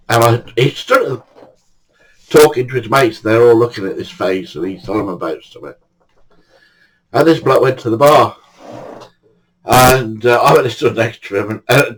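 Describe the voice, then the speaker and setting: A man's voice: medium pitch, slightly rough, rough recording. An older man telling true stories in a chatty way, often breaking into laughter. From England. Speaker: storyteller. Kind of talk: casual anecdote telling.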